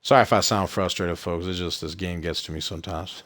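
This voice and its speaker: A man with a lowish voice chats loosely over a live basketball game stream. He grumbles at bad plays but laughs it off and keeps talking to his viewers. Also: steady tone, brisk, a bit bright. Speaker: gaming streamer. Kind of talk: casual live gameplay commentary.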